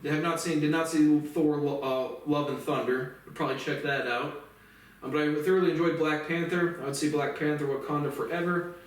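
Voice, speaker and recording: A man's voice: on the high side, fairly even intonation, fairly quick. A man talking alone on his show in a casual, rambling monologue, blunt and full of swearing. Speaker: podcast host. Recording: echoey room, mic at a distance.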